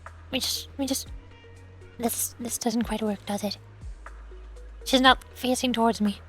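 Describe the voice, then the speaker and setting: High-pitched woman streaming, quiet and a bit tired, giggly, faint game music behind. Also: steady tone, measured pace, breathy edge. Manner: quiet and soft-spoken, giggly. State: tired after hours of streaming. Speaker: streamer and voice actor. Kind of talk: casual gaming stream chat.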